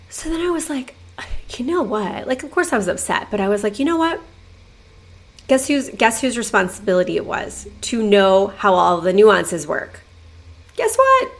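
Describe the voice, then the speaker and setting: A woman hosting a podcast, talking casually and acting out her own thoughts in hushed asides. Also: mid-range voice. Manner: chatty, lots of "like", acts out inner voices in whispers. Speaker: podcast host. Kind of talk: casual motivational monologue.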